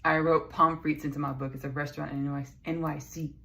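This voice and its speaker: A woman's voice: deep voice, little pitch movement, brisk, creaky, sharp tone. A Texan woman rambling casually in a vlog, playful and chatty with lots of asides. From Texas. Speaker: vlogger.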